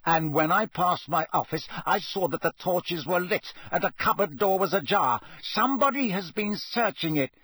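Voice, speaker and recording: A man's voice: sits high, animated, moderate pace, hardly any pauses, a bit bright, breathy edge, no echo, voice pushed up, exaggerated voice. A man voicing a cold, cutting male schoolmaster in an audiobook, snapping in a clipped, icy way. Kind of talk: audiobook character voice.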